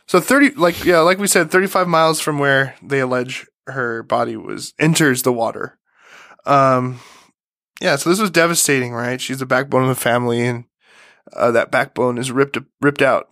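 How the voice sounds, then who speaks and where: A man's voice: medium pitch, moderate pace, fairly bright tone, dry recording, clean studio sound. A man co-hosting a casual true-crime podcast, talking loosely with lots of fillers, restarts and swearing. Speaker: podcast co-host.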